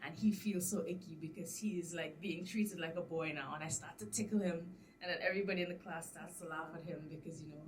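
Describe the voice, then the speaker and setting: Lively young woman telling a classroom story. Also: lowish voice, fast talker, few pauses. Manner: animated storyteller, laughing often, acting out quotes. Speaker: teacher and podcast guest storyteller. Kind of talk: casual podcast chat. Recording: distant mic with noticeable background noise.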